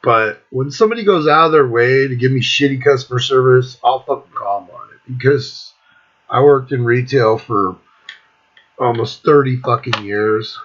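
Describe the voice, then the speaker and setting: On his own video channel, a middle-aged music vlogger rants casually, swearing constantly and sounding irritated. His voice is medium in pitch and fairly bright, at a normal speed, and the lo-fi recording sounds dull.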